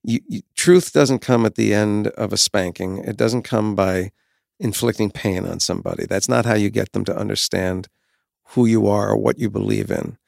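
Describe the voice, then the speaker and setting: A man's voice: on the low side, moderate pace, vocal fry, a little mellow, dry recording, studio quality. A man in his fifties talking as a guest, telling candid stories in a reflective, frank way and swearing now and then. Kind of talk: candid conversational storytelling.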